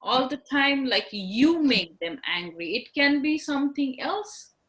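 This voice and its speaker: A woman with a high, bright voice teaches young children in an online class over a video call. She speaks slowly and encourages them with simple words and frequent tag questions. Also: expressive, rough recording.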